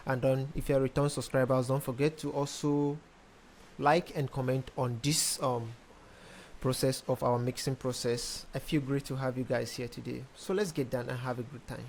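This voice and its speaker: A young man, a music producer casually talking through a tutorial step by step, pausing often with ums. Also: medium pitch, slight background noise. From Nigeria. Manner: relaxed, hesitant with frequent ums, explains step by step. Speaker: music producer teaching mixing. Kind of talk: casual screen-recorded tutorial.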